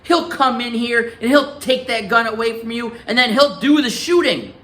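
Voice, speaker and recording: A man voicing a tearful, furious grandmother who shouts and pleads while reading a novel aloud. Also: high voice, wildly swooping pitch, takes it slowly, voice pushed up, heavily acted. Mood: angry pleading.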